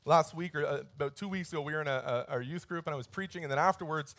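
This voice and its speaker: A man's voice: on the high side, racing, fairly bright tone, dry recording. A male pastor preaching a sermon in a conversational, storytelling way, his voice lifting and pushing harder on key points.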